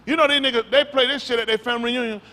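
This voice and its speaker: A male pastor preaching loudly and quizzing his congregation, asking questions and calling on listeners. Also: very high voice, steady tone, racing. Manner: loud, rhetorical, questions the congregation. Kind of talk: sermon with audience back-and-forth. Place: congregation hall.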